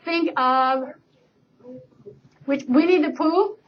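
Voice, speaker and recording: A woman teacher tells a fairy tale to her class with lively storyteller pacing. Her voice sits high. It comes through a dull, lo-fi webcam recording. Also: slow pace, a little hiss or hum.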